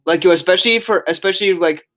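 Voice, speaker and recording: Sleepy young guy rambling through his live stream, kinda high voice, lots of restarts. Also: fast talker, a bit bright, faint music behind. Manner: rambling, many restarts and fillers. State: yawning, tired. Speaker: live streamer reading chat. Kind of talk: casual live stream chat.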